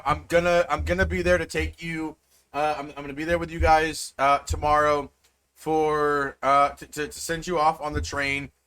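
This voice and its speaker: A frazzled, overworked witch mother, stammering and apologizing in a raised, bright voice, as a man puts her on. She trips over her words in the tabletop game, fast and breathless. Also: on the high side, smooth, voice pushed up. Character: frantic middle-aged witch mother, overworked.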